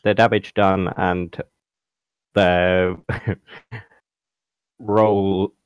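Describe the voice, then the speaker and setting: A man playing a tabletop game, answering in halting, hesitant bits. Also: low-pitched, little pitch movement, clean tone, no echo, dull audio. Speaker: player.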